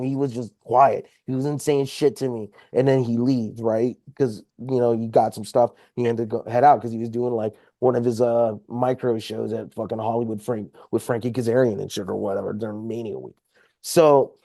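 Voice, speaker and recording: A man's voice: medium pitch, dark tone, no room sound. Podcast guest, male, heated and profane storyteller, dry close-miked sound. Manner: profane, heated retelling of a confrontation. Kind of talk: casual storytelling. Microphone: podcast microphone.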